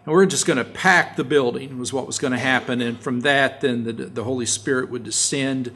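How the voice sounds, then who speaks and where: A middle-aged man preaching a sermon, telling stories in a folksy way and rising loud and high to stress his points. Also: fairly even intonation, brisk, slightly rough. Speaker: pastor.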